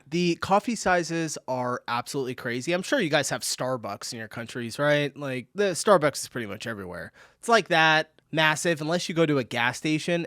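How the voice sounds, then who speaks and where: A man's voice: mid-range voice, fairly bright tone, dry recording. Chatty American man in a dry room. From California, USA. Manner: chatty, laughing, reads comments aloud. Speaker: reaction video host. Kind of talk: casual reaction commentary.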